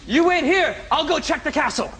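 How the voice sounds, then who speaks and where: A frantic stage Othello. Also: male voice, extremely high pitch, expressive, brisk, creaky, heavily acted. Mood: resolute. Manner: frantic shouting. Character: panicked male Othello in a stage play.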